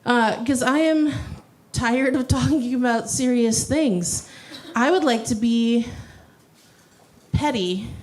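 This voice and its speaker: Young woman stand-up, dry self-deprecating wit, mock slam-poetry cadence, slightly higher voice. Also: background noise. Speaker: stand-up comedian. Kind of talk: stand-up comedy.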